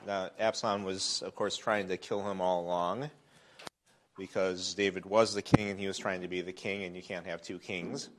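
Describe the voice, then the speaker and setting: A man's voice: sits low, little pitch movement, normal speed. A middle-aged man teaching a Bible lesson in a church Sunday School class, speaking conversationally with fillers and restarts.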